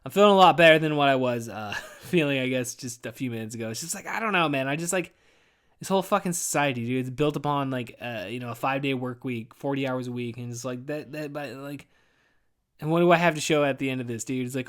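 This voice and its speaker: Man, 30s, podcast host; tired, rambling, profane delivery in a slightly high register. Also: brisk. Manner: profane, rambling, says "dude" constantly; weary, venting. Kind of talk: casual rambling monologue.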